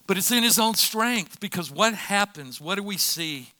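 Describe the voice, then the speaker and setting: A man's voice: sits high, animated, normal speed, hardly any pauses, bright, forceful tone, no echo. A man preaching a sermon as pastor, conversational, with rhetorical questions.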